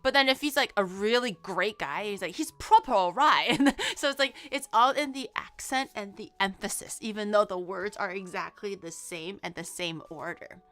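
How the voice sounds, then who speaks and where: Bright-voiced chatty woman streamer. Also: mid-range voice. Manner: chatty, quick asides with frequent restarts and laughter. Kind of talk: casual live-stream chat.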